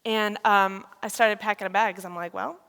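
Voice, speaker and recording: A woman, sharing a candid personal testimony with pauses and restarts. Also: mid-range voice, fairly even intonation, a bit bright, clear, resonant tone. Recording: long reverb of a large hall.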